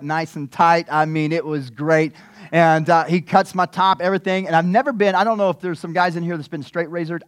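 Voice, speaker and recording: High-voiced animated male preacher. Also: dry recording, studio quality. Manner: animated storytelling, voice swings from hushed to loud. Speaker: pastor. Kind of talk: sermon.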